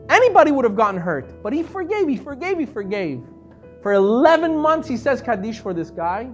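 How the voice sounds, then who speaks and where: Animated rabbi telling a story. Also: male voice, fairly quick, muffled recording, faint music behind. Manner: animated storyteller, acting out quoted voices, pitch swinging from soft to loud. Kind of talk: storytelling lesson.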